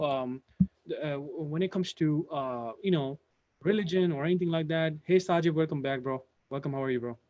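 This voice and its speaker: On a live stream, a channel host with a somewhat high, slightly mellow voice recounts his career in a rambling fashion. He keeps starting over and tossing asides to viewers, and the audio is dull and lo-fi.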